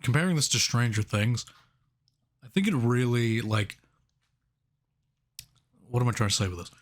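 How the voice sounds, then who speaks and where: A man's voice: mid-range voice, expressive, normal speed. A man co-hosting a casual movie review podcast, laughing often and rambling through his points with restarts. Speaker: podcast co-host.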